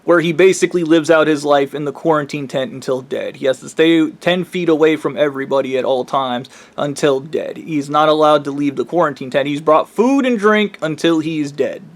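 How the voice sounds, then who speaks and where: A man telling a long story in a casual, rambling way, blunt and full of profanity. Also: fairly high pitch.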